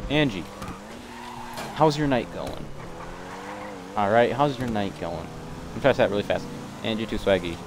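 A man's voice: mid-range voice, background noise. Hyped young man streaming a game. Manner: playful, hyped, talks to chat and game characters. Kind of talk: casual live-stream chatter.

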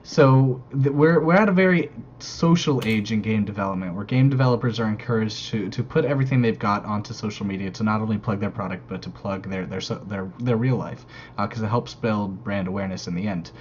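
A man's voice: lowish voice, a little fast. A man hosting a casual podcast, upbeat and a little hesitant, leading the talk. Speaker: podcast host. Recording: dull lo-fi sound with faint noise.

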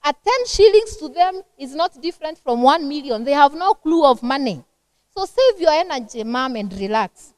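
Kenyan lady speaker at a church parenting seminar, high voice, dry close sound, chatty and lively. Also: normal speed, dry recording. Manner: lively, conversational teaching that acts out everyday scenes. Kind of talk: seminar talk to a church women's group.

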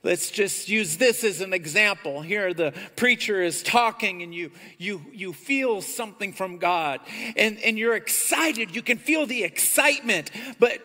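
A bright, high-pitched man preaching in a church sanctuary. His animated delivery rises and swells on key points. A long hall reverb trails each phrase. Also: unhurried. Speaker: pastor. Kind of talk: sermon.

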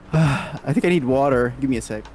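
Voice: medium pitch, normal speed, a little mellow, slight background noise. A gaming partner in casual chat who laughs hard and plays along. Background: faint lofi music.

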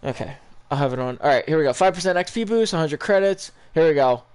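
A young man giving casual, rambling live reactions to video game items, excitable and full of ums. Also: on the high side, fast, clear, resonant tone. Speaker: gaming YouTuber.

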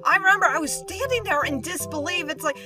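A woman with a boyish-sounding voice telling a personal story in a casual vlog, animated and incredulous, her voice jumping up high in disbelief. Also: quick pace, music in the background.

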